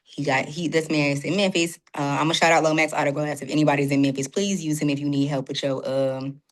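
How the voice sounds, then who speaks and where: A woman's voice: low voice, little pitch movement, quick pace. A woman guest in a casual faith conversation, talking animatedly and acting out her own inner dialogue. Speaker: podcast guest.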